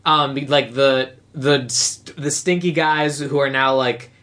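A woman's voice: a bass voice, steady tone, a little slow, a bit bright. A woman co-hosting a casual podcast, recapping a movie in a rambling way and acting out the characters' lines. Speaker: podcast co-host.

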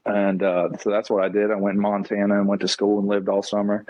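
A man's voice: lowish voice, monotone, fast talker, a little mellow, no echo. A man in his thirties, a taxidermist guest, telling stories in a loose rambling way, saying "man" and "you know" a lot. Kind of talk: casual interview storytelling. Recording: dull lo-fi podcast audio.

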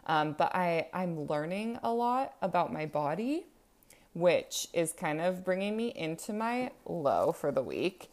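A woman's voice: on the low side, big pitch swings, unhurried, a little mellow. A woman in her thirties hosting a casual solo podcast, chatty and a bit self-conscious, with frequent ums. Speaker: podcast host.

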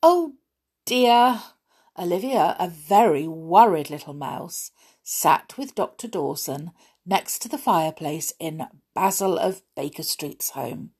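Slow, breathy woman reading aloud. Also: low-pitched, a little mellow. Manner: playful, chatty, laughs often. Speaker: parent reading a story aloud. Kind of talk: casual chat and storybook reading.

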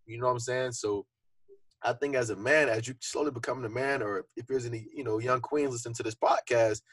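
A man's voice: medium pitch, steady tone, fairly quick, fairly bright tone, breathy edge, dry recording. A young man co-hosting a podcast, talking earnestly and reflectively in a casual conversation full of fillers. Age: young adult. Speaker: podcast co-host.

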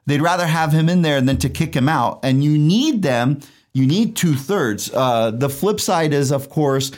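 A man's voice: medium pitch, darkish tone. A man who hosts a casual show as an attorney, chatty and jokey, laughing at his own dad jokes. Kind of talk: casual legal commentary.

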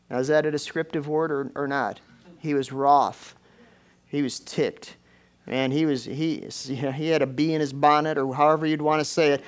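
A man's voice: fairly high pitch, steady tone, normal speed. Folksy man preaching a sermon. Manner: folksy, conversational, with repeated "you know" and rising exclamations.

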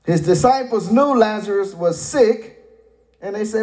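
A man pastor preaching a sermon, retelling scripture in folksy paraphrase and breaking into shouted emphasis. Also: high voice, measured pace.

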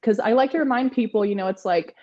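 A woman's voice: a little high, fast talker, darkish tone, muffled recording. A woman in her twenties, a podcast guest, talking in a chatty way with lots of fillers and frequent laughter. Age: 20s. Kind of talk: casual interview chat.

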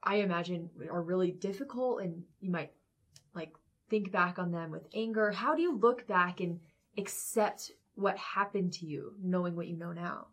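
A woman hosting a casual interview, reacting with excited exclamations and asking earnest questions. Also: fairly low pitch, moderate pace. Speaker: host.

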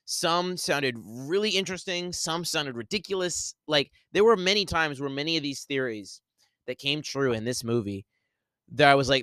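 A man hosting a podcast solo, talking excitedly and rambling, with lots of "like". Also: fairly high pitch, normal speed, smooth, no echo. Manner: excited, rambling, heavy use of "like". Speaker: podcast host. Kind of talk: solo movie spoiler talk.

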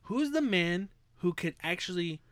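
A man's voice: high-pitched, lively intonation, unhurried, a bit bright, dry recording. A man hosting a casual podcast, hyped and teasing in tone. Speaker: podcast host.

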